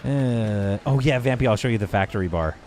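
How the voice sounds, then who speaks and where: While live-streaming a game, a man rambles and jokes with his viewers, making halting, self-correcting stabs at French. His voice is fairly low with a darkish tone, and there's a little hiss or hum.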